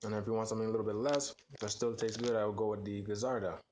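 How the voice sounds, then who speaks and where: Brief: male food vlogger, lowish voice, relaxed, exclamation-heavy tasting talk. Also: racing, a little hiss or hum. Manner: relaxed, filler-heavy reactions with frequent exclamations. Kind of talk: casual taste-test vlog.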